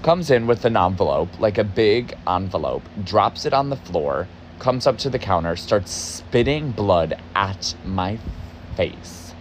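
Young man, casual storytelling, agitated, swears a lot, lowish voice, faint hum behind. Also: animated, measured pace. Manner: agitated, profane, emphatic. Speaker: podcast host, former barista.

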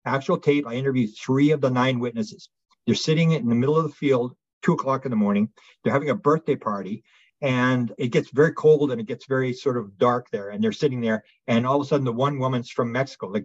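A man with a husky, breathy voice recounts a story as an interview guest, animated and full of restarts. The sound is dry and close, with a slightly dull, lo-fi tone. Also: medium pitch, dry recording. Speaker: guest researcher.

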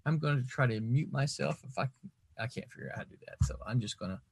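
A man's voice: mid-range voice, fast talker, vocal fry, husky, no echo. A man hosting a podcast with a friendly, organized intro. His mid-range voice sits dry and close to the mic, with no room sound. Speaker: podcast host.

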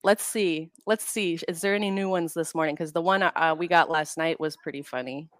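A woman's voice: sits low, fairly quick, no echo, clean studio sound. A woman co-hosting a casual podcast who laughs often and acts out quotes in mocking voices. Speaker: podcast co-host. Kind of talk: casual chat.

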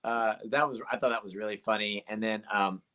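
A man's voice: on the low side, fairly even intonation, fairly quick, sharp tone. A young comedian telling stories from his shows in a casual interview, rambling with lots of "like" and fillers. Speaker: comedian guest.

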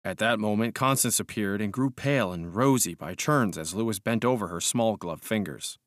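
A man narrating an audiobook in a measured, calm, steady way. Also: fairly low pitch, dry recording, clean studio sound. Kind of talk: scripted narration.

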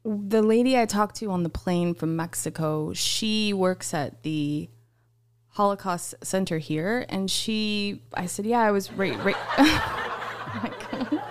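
A woman's voice: mid-range voice, takes it slowly, slight background noise. A woman co-hosting a podcast, chatting casually, giggly and playful. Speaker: podcast co-host. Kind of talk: casual comedic chat.

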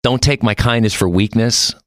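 A man's voice: medium pitch, moderate pace, a bit bright, dry recording, clean studio sound. An American man hosting a podcast, talking bluntly in a rambling, casual way and swearing freely. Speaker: podcast host. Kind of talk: casual chat.

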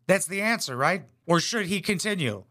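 A man's voice: high voice, lively intonation, normal speed, bright, forceful tone. A young man giving a crude, sarcastic comedic reaction commentary on a reality show clip, swearing a lot.

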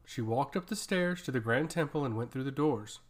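A man's voice: mid-range voice, animated, a little fast. Man narrating a fantasy audiobook.

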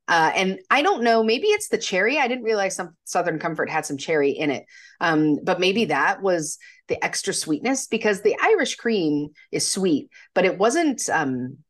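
A woman with a lowish voice co-hosts a casual podcast. Her pitch swings widely as she talks, and she jokes at her own expense. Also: moderate pace. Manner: animated, chatty, self-deprecating. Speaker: podcast co-host. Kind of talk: casual chat.

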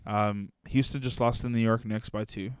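A man's voice: on the low side, steady tone, normal speed, smooth, dry recording. A young man co-hosting a sports podcast, talking casually and animatedly with fillers and laughs. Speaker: podcast co-host.

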